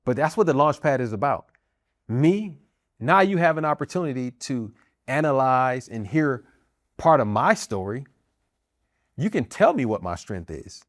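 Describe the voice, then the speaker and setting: With long pauses and a measured pace, a very animated, medium-pitched man recounts his personal story. He's a middle-aged American army veteran, minister, and podcast host who speaks earnestly and emphatically, driving points home by repetition. The studio-quality recording is dry.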